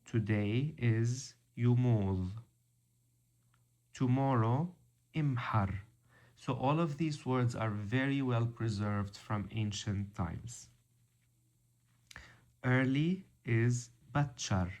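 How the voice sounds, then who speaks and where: A man teaching a vocabulary lesson, slow and methodical, repeating each word. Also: medium pitch, darkish tone. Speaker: language teacher.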